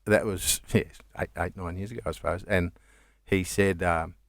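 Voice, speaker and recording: Low-voiced Australian man telling stories. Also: fairly even intonation, normal speed, vocal fry, no room sound, studio quality. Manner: rambling, laughs often, swears casually. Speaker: comedian guest. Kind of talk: casual storytelling chat.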